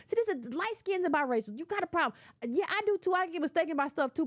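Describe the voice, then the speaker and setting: A woman's voice: sits high, sing-song, fast, few pauses, no echo, clean studio sound. A middle-aged woman giving casual, opinionated commentary, lecturing emphatically and talking in a colloquial way. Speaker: commentator reacting to clips.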